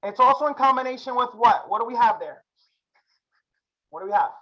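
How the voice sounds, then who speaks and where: A man's voice: very high-pitched, expressive, brisk, fairly bright tone, lo-fi sound. A young man teaching a live chart-reading class, slangy and hyped, drilling his students with repeated questions. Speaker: trading instructor.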